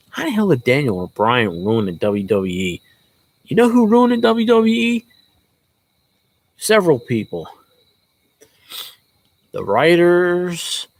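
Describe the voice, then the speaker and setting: A man's voice: mid-range voice, dry recording. A man who vlogs as a sports fan, ranting in a casual, rambling way with a lot of swearing and jokes. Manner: profane, joking, rambling.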